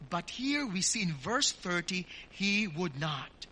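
A male pastor preaching a sermon in an earnest, emphatic way, speaking straight to his congregation and slowing down to stress key words. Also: high-pitched, big pitch swings, pushed and bright, breathy edge, rough recording.

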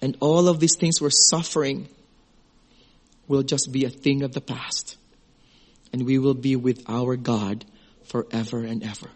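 Earnest pastor guy preaching, slow and heartfelt, gets hushed then excited. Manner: earnest and emotional, swings from hushed to high excited. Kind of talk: sermon.

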